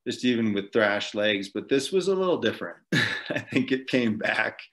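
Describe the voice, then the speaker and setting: An ultrarunner with a lowish, expressive, slightly bright voice talks at a moderate pace during a casual podcast interview. He loosely rambles through the story of a long race, chuckling frequently and filling gaps with fillers.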